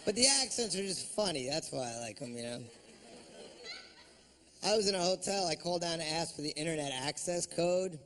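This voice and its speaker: A man's voice: a little high, brisk, fairly bright tone. A man doing a stand-up comedy routine on a club stage, ranting in a profane, sardonic way.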